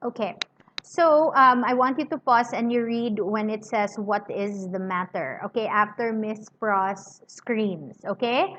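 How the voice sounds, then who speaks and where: A woman's voice: fairly high pitch, a little slow, fairly bright tone. A woman teacher reading a novel aloud to her class, chatty and full of reminders and fillers. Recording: dull lo-fi recording.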